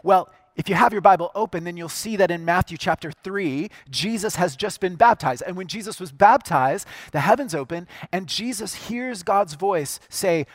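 A man's voice: high-pitched, normal speed, few pauses, dry recording. A man preaching a sermon, earnest and emphatic, repeating key phrases for weight. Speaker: pastor.

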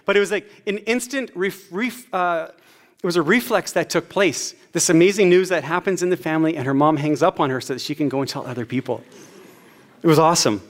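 A man in his forties preaching a sermon as a pastor, telling personal stories in a conversational way. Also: on the high side.

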